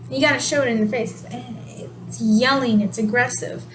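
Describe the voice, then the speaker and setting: Woman teacher, high voice, casual explainer, steady noise behind her. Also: fast, rough recording. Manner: explanatory, relaxed, self-correcting. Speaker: sign language teacher. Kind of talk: casual video lesson.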